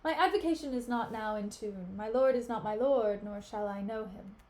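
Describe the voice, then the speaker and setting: A woman's voice: medium pitch, moderate pace, darkish tone, natural voice. A woman reading the part of Desdemona, an earnest young noblewoman, in a plain, sincere way.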